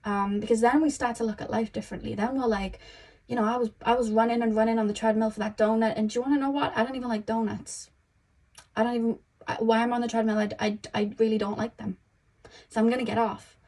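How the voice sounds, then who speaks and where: A woman's voice: fairly high pitch, steady tone, quick pace, a little mellow. A young woman giving a casual tarot reading, chatty and rambling, full of "you know" and "um". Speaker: tarot reader.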